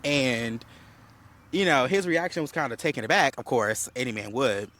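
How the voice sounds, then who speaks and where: A mid-range male voice at a moderate pace, with a little hiss or hum in the recording, belongs to a podcast co-host recapping a reality show casually. He storytells animatedly, voicing quotes amid frequent fillers and a slight cough.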